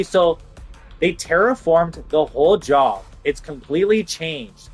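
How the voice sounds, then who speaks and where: Speaking to camera in a casual rant, a young vlogger complains about losing his job, swearing, frustrated and saying "like" over and over. His voice is a little high and a bit bright.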